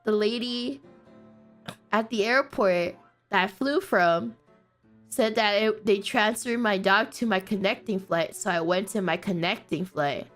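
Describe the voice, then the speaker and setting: A young woman streamer telling a story in a casual, animated way, often breaking into laughter and squeaky excited bursts. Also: unhurried, soft background music.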